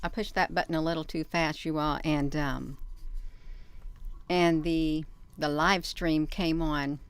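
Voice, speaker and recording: A woman's voice: sits low, steady tone, slow, clear, resonant tone, dry recording. A woman hosting a casual livestream, chatting and rambling to her viewers. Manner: chatty, rambling, addresses viewers as "you all". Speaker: livestream host.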